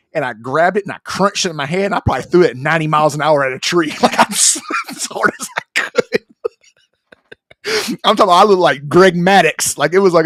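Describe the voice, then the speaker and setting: A man's voice: a little high, fairly bright tone, no room sound, clean studio sound. A man, a podcast co-host, chatting casually with jokey, exaggerated reactions. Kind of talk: casual chat.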